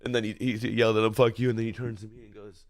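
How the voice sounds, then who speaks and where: A man's voice: fairly low pitch, little pitch movement, very fast. A man chatting casually on a podcast as a guest comedian, telling laid-back, swearing family stories. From Southern California.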